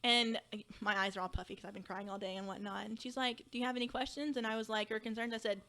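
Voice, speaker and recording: Animated young woman telling a story. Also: fairly high pitch, fast talker. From Kentucky. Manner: animated, acts out past dialogue. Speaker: podcast guest, second grade teacher. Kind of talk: personal storytelling in conversation.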